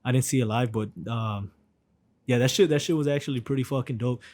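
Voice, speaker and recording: A man's voice: medium pitch, a little fast, darkish tone. A man co-hosting a podcast in casual, laid-back chat, swearing freely and using lots of fillers. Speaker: podcast co-host.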